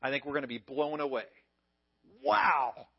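A man's voice: a little high, moderate pace. A male pastor preaching a sermon in an emphatic way, repeating key phrases, on a dull lo-fi recording.

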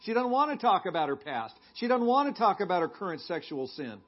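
A man's voice: high voice, big pitch swings, brisk, slightly rough, highs cut off. A male pastor giving a sermon in a conversational way, often asking the congregation questions.

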